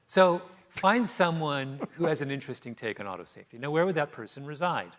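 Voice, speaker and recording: A man's voice: on the high side, animated, a little fast, fairly bright tone. A middle-aged man, an author, telling stories with animation in an onstage conversation in a theater, laughing often. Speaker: author guest. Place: theater stage before an audience.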